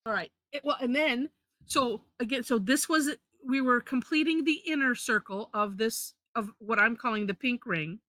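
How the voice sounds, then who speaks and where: A woman's voice: fairly high pitch, moderate pace, pushed and bright, no echo. A woman leading a live drawing lesson, chatty, correcting herself and laughing often. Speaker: drawing instructor.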